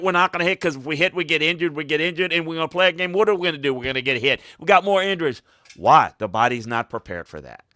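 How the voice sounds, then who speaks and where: A man's voice: lowish voice, fairly bright tone, clear, resonant tone, no echo, clean studio sound. A man talking football as a coach on a podcast, emphatic and hammering points home by repeating phrases. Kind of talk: casual podcast talk.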